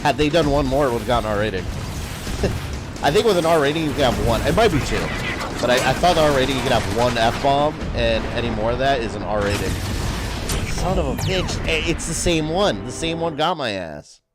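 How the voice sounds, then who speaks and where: A man's voice: medium pitch, animated, a little fast, very noisy. A man streaming a video game, chatting casually with viewers and swearing at the enemies. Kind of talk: casual live-stream commentary. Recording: game music and gunfire behind.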